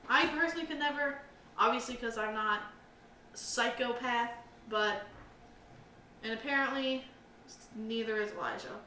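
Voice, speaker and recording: A woman's voice: a little high, moderate pace, pauses often, pushed and bright, slight background noise. A young woman co-hosting a casual podcast, rambling through stories with lots of fillers. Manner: rambling, filler-heavy storytelling. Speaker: podcast co-host. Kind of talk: casual chat. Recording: roomy, slightly distant mic.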